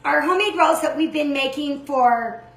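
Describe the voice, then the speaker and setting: Older woman, high voice, echoey room. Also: noisy background. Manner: chatty, self-described fast talker. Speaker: cooking show host. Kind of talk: live cooking demonstration.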